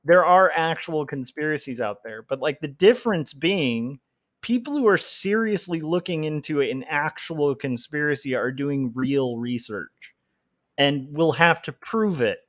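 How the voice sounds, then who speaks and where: A man's voice: fairly high pitch, animated, measured pace, fairly bright tone. A man ranting on a casual livestream, heated and rambling, with many filler words. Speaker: comic artist livestreamer.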